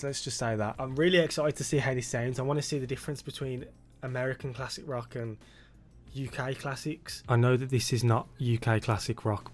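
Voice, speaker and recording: A young British man with a British accent, hosting a reaction video in a chatty, slangy, think-aloud way. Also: mid-range voice. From Britain. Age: young adult. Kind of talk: casual reaction commentary.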